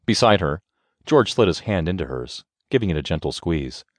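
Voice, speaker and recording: A man with a deep voice narrates an audiobook in an expressive, measured way. His pitch rises and falls widely. The sound is dry and close, like a studio mic. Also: dry recording.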